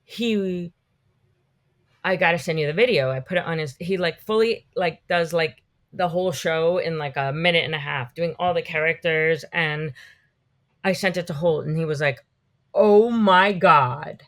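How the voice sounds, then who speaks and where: A woman in her fifties, a podcast guest, telling animated, rambling stories in a casual interview. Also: deep voice, normal speed. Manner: animated, rambling storytelling full of "like".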